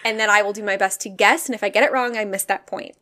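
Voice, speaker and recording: Excitable woman podcast co-host. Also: medium pitch, quick pace. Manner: excitable, apologetic, jokey. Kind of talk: casual chat.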